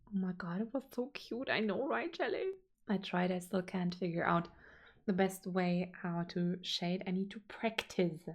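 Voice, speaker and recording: A woman's voice: on the low side, moderate pace. A young woman streaming her drawing, chatting casually and gushing as she reads chat aloud. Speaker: art streamer.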